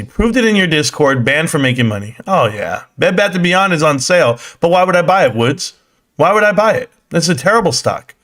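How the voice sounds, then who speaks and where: Young male streamer, loose and slangy, fairly high voice, reads chat off the cuff. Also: a bit bright. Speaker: live stream host. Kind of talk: casual live stream chat.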